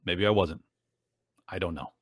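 Man, show host, earnest, emotional, rambling, lowish voice, dry close sound. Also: normal speed, husky, no echo. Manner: earnest, rambling with many fillers. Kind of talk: casual monologue to viewers.

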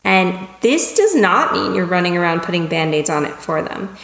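A woman giving a conversational lesson on empathetic listening. She checks in with her listeners, often asking "right?" or "okay?", and sometimes acts out little dialogues in lively voices. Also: lowish voice, moderate pace, creaky. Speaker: communication teacher. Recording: echoey room with long reverb.

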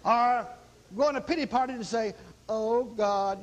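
A man's voice: very high voice, brisk, lo-fi sound. A man preaching a sermon in a folksy, dramatic manner, acting out exclamations as he teaches.

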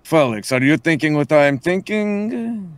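A man voicing a sly male adventurer who speaks slowly and with stiff formality. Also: on the high side, expressive, dry recording. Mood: conspiratorial. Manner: slow, deliberate, stiffly formal.

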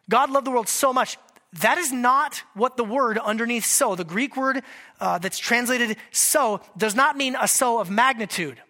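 A man's voice: very high voice, sharp tone. A man preaching a sermon as pastor, talking conversationally and checking in with the congregation. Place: church in Washington state.

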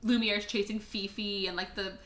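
Bright-voiced woman recapping a movie, echoey. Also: mid-range voice, normal speed. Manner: animated, profane, playful storytelling. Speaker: podcast host. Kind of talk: casual movie recap chat.

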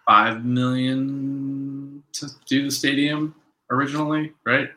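A man on a casual sports podcast, asking quick questions in an easygoing, joking way. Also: medium pitch, level tone, pushed and bright, low-quality recording.

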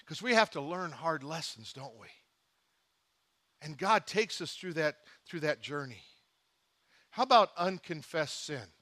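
A middle-aged man preaching a sermon as pastor, shifting between quiet, intimate asides and emphatic, animated bursts. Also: a little high, a little slow, long pauses.

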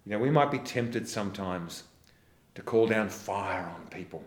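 A man gives an earnest sermon in a fairly low voice. The sound carries a roomy echo. His talk settles into quiet prayer. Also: expressive, normal speed. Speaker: pastor.

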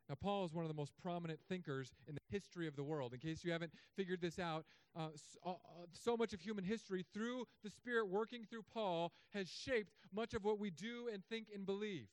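A man preaching a sermon as pastor, in his thirties, with humorous, sarcastic asides and animated swings in delivery. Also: high-pitched, brisk, hardly any pauses, clear, resonant tone, dry recording.

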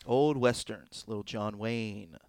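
A man hosting a casual podcast, running a quiz game with a playful, teasing manner and drawn-out announcements. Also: on the low side, darkish tone, no echo, studio quality. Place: indoors, on location in Texas.

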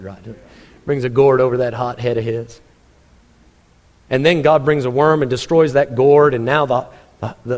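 A man's voice: mid-range voice, darkish tone, big-room sound. A man preaching a sermon, telling a story with humor and acting out the people he quotes, often chuckling.

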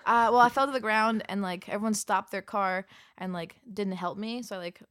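A woman's voice: mid-range voice, steady tone, a little fast, fairly bright tone, no echo, clean studio sound. A young woman telling a friend a long story in casual chat, rambling with lots of fillers. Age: young adult. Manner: rambling, many fillers, acts out quoted voices.

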